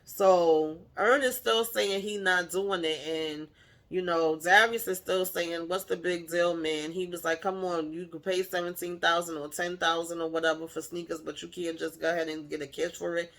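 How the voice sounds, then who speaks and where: A woman recapping a TV episode in casual chat, acting out the characters' lines with animated shifts in voice and laughing along. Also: lowish voice, normal speed. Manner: animated retelling, playfully acts out the characters' lines; laughs while retelling. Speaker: TV show recapper.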